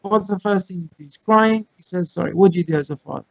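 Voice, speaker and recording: A man teaching a Torah class over a video call, explaining with everyday examples and quoting Hebrew texts quickly. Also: sits high, gravelly, no echo. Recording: muffled, dry video call audio.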